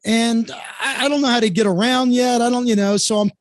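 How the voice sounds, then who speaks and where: A man with a notably high voice tells a rambling story as a guest, circling back with fillers and restarts. He is from Florida. The sound is dry and close. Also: fairly even intonation, a little fast, no room sound. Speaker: guest comedian. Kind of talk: casual anecdote telling.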